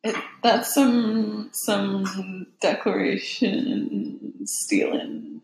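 A woman's voice: medium pitch, fairly even intonation, very slow, creaky, a little mellow. A woman co-hosting a casual watch-along chat, reacting with swearing and laughter. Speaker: podcast co-host. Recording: echoey room.

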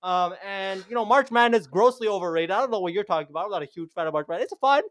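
A man's voice: high-pitched, fast, a bit bright, no room sound, clean studio sound. A young man, co-hosting a casual chat and ranting heatedly and sarcastically, with some swearing.

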